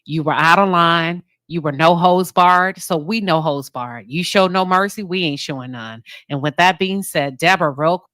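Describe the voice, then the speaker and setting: Defiant low-voiced woman, bright tone. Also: moderate pace, few pauses, no room sound, clean studio sound. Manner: defiant, profane, emphatic. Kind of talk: fiery live-stream address.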